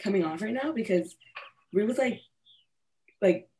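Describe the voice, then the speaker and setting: A woman's voice: medium pitch, lively intonation, moderate pace, a little mellow. A woman co-hosting a podcast in casual, emotional chat, swearing freely and talking with feeling. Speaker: podcast co-host.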